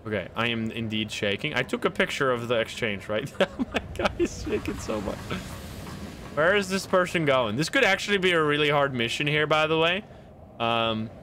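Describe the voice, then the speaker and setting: An excitable man commentating his gameplay live, swearing and laughing as he narrates each move. His voice is bright and forceful, slightly raised in pitch. Faint noise sits under the recording. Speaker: streamer.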